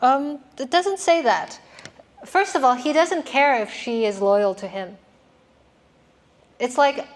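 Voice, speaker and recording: A woman's voice: high-pitched, slow, long pauses. A woman giving a classroom lecture on poetry, explaining patiently and putting questions to her students.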